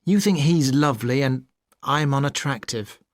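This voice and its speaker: An actor playing a jealous, sulking adult boyfriend in a scripted textbook dialogue, snapping short retorts. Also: male voice, mid-range voice, normal speed, dry recording, clean studio sound, lightly acted. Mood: sulky.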